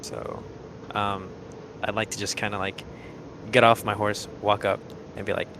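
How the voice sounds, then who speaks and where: A man's voice: on the low side, level tone, a little slow. A man playing a tabletop role-playing game, chatty, describing what his character does. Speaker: player. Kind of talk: casual tabletop play. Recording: recording with clear background noise.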